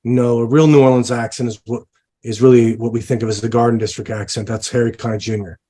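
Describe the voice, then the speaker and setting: A film director based in New Orleans discusses his film in an interview conversation, his speech full of fillers and restarts. He has a mid-range, dark-toned voice, speaks fast, and keeps his tone level.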